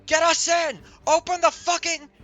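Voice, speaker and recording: A man voicing a frantic male dwarf soldier who shouts desperately from the far side of a door. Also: very high voice, little pitch movement, normal speed, faint music behind, voice pushed up. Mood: frantic shouting.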